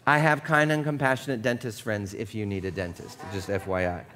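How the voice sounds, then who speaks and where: A man preaching a conversational sermon, casual and chatty, often checking in with the congregation and dropping low and quiet for earnest points. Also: fairly even intonation, a little fast. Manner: casual and chatty, with frequent "like" and "right?". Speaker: pastor.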